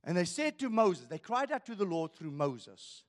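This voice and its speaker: A male pastor preaching a sermon, emphatic and full of rhetorical questions, swinging from loud declarations to hushed asides. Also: high-pitched, very animated, normal speed, in a large hall.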